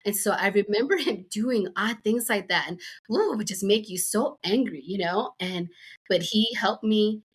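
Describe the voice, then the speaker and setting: Her medium-pitched voice carries a breathy edge and a moderate pace. A middle-aged woman from the U.S., she's a podcast guest chatting loosely and telling a meandering story with plenty of fillers and digressions.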